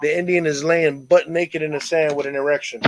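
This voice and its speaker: A man's voice: a little high, a little fast, noisy background. A man in casual chat, telling crude dirty jokes with lots of swearing and acting out the characters' voices. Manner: crude, animated storyteller doing character voices.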